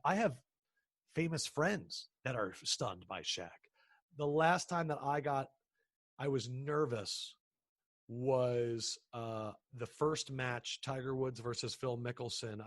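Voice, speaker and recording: A sports broadcaster in his thirties, telling stories in a casual interview, animated and acting out the people he quotes. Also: medium pitch, dry recording, studio quality. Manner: animated, acts out quoted people, frequent restarts.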